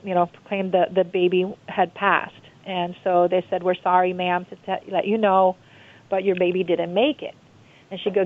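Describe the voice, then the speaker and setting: Chatty woman on a tinny phone line. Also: mid-range voice. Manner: animated storyteller, repeats herself, many fillers. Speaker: guest author. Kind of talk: phone-in interview.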